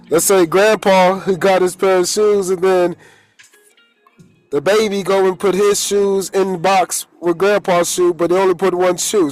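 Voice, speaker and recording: High-voiced man rambling with soft music. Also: low-quality recording. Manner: rambling, swears, heated. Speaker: holistic coach. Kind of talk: casual spiritual talk.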